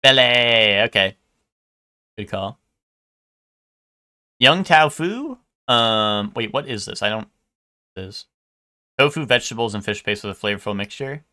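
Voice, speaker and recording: A man's voice: on the low side, animated, measured pace, long pauses, pushed and bright. A man streaming live, chatting casually with his chat and stumbling over unfamiliar food names. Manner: chatty, hesitant, stumbles over foreign words.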